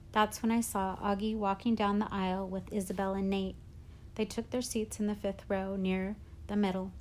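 A woman reading a first-person novel aloud with measured, expressive storytelling. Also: medium pitch, slight background noise. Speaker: audiobook narrator.

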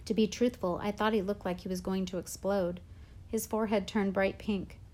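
A woman reading a first-person novel aloud with measured, expressive storytelling. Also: mid-range voice. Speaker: audiobook narrator.

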